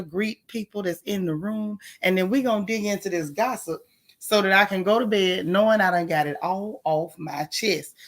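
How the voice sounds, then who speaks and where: Chatty woman hosting late-night gossip. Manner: chatty, greeting viewers by name, Southern Black vernacular; hushed, talking low like whispering. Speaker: gossip channel host. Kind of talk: late-night livestream chat.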